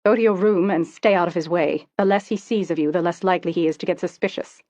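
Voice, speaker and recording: Woman reader as a curt, disapproving mother, lower voice, dry dull sound. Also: fast talker, a little mellow, no echo, natural voice. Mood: cold. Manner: curt, scolding. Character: cold, disapproving middle-aged mother.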